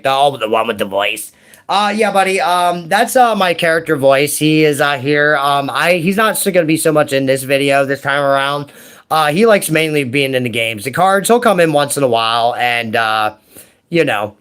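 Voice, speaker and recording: A man in his late thirties chatting casually while opening trading card packs, rambling and excitable, full of "dude" and "man". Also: on the high side. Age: 30s. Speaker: card-opening video host.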